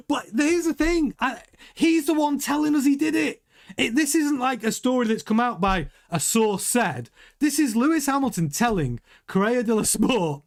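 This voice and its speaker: A man hosting a casual motorsport news commentary, animated and jokey, often laughing. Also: extremely high pitch, moderate pace. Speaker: news host.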